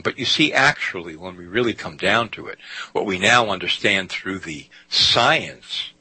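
A man's voice: deep voice, animated, unhurried, bright, forceful tone, slightly rough, no room sound, low-quality recording. A man hosting a talk radio show, speaking emphatically and often saying "you see". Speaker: guest radio host.

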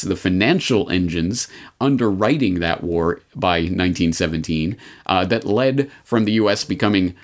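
A man hosting a history commentary show, speaking in a measured, deliberate way with sardonic asides. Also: fairly low pitch. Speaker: podcast host.

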